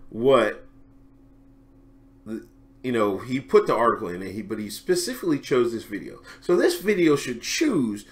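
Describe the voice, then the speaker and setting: Lively, bright-voiced male commentator. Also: fairly high pitch. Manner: animated, laughs often, slangy and talkative. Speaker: commentary vlogger. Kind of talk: casual reaction commentary.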